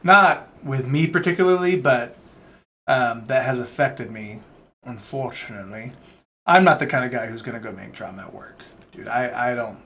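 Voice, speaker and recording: A young man talks straight to his viewers in a loose, meandering vlog chat. His voice sits at an ordinary middle pitch, and he drifts between thoughts with plenty of fillers and the odd curse. His delivery stays candid and unpolished. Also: normal speed, a bit bright. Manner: rambling and candid, sprinkled with swearing and fillers. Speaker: vlogger. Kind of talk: casual chat to camera.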